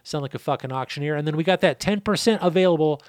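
A man's voice: on the high side, quick pace, no room sound, clean studio sound. A man hosting his own channel, answering a viewer's question in a laid-back, casual way, swearing now and then and running through figures. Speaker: seed breeder and channel host.

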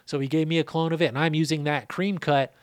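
A man's voice: on the high side, steady tone, quick pace, clear, resonant tone, dry recording, studio quality. A man hosting his own channel, answering a viewer's question in a laid-back, casual way, swearing now and then and running through figures. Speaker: seed breeder and channel host.

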